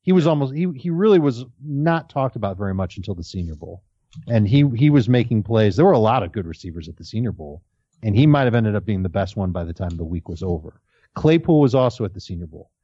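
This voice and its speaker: A man talks through the picks on a casual podcast, eager and quick to restart his sentences. His voice is dark and mellow. The sound is dry and a bit dull. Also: fairly low pitch, big pitch swings, slightly rough, dry recording. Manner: enthusiastic, restarts words often. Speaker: fantasy football podcast co-host. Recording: dull lo-fi audio.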